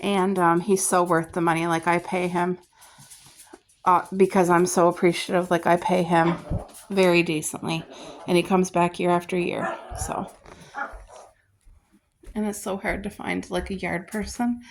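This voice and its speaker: A woman's voice: on the low side, little pitch movement, moderate pace. A woman vlogger chatting casually to the camera, gushing and enthusiastic about her finds and her garden. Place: garden outdoors.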